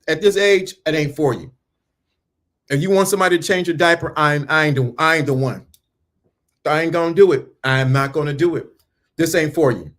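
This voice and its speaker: A blunt man in his fifties hosts his own channel, delivering a preachy, repetitive motivational monologue. He mocks the people he's turning away and keeps returning to the same lines, his voice a little high for a man with a fairly bright tone.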